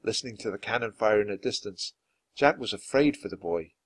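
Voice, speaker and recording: A man reading a children's chapter book aloud in a clear, steady way, for language learners. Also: on the low side, brisk, no room sound. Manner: clear and steady, acting out dialogue. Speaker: storybook reader. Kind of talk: scripted narration for language learners.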